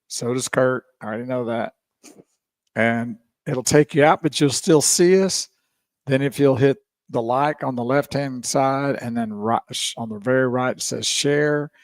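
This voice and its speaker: A man's voice: mid-range voice, no echo. A man hosting a radio show, chatty, laughing and greeting listeners. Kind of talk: casual radio talk. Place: radio studio. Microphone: studio microphone.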